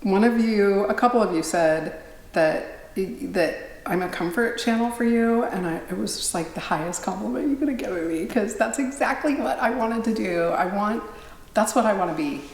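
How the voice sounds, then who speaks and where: Talking at a moderate pace in a medium-pitched, darkish voice, this middle-aged vlogger rambles casually to her viewers and pokes fun at herself. The room echoes noticeably, and faint ambience can be heard.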